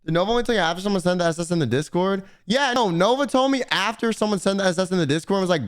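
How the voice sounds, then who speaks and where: A young man streaming, chatting casually and swearing, slangy and animated as he rants to his chat. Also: high voice, racing, few pauses, clear, resonant tone.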